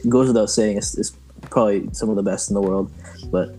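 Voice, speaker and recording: A man's voice: fairly low pitch, fairly even intonation, brisk, dark tone, rough recording. A man co-hosting a podcast in casual chat, easygoing and chuckling. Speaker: podcast co-host.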